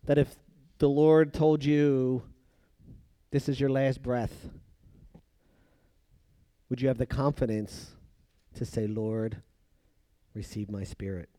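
A man preaching a sermon, moving between loud emphatic passages and hushed, drawn-out phrases. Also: mid-range voice, flat delivery, no room sound.

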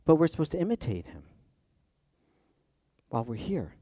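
A middle-aged man preaches a sermon in an easy, conversational way. His voice sits a little high and swings from loud, emphatic peaks down to quiet asides. The sound is dry and close, with no room echo. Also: sing-song, moderate pace. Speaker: pastor.

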